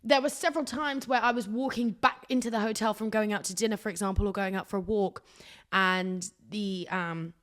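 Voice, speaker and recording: A woman chats on her own podcast in a loose, rambling way. She mocks herself as she goes and jumps from loud outbursts to hushed whispers. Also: mid-range voice, brisk. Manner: rambling, animated, self-mocking storytelling with sudden whispers. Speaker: podcast host. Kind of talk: casual solo podcast chat.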